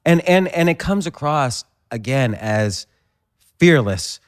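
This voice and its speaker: A man hosting an interview, reflective and halting, building his questions slowly. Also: a little high, lively intonation. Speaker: podcast host, interviewer. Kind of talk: conversational interview.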